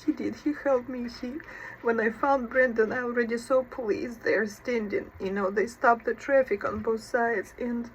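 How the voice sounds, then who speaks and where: A mother giving personal advice on a vlog, talking in a halting, emotional way and often stopping to apologize. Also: fairly high pitch, steady tone, slight background noise, rough recording. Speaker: mother of an autistic child.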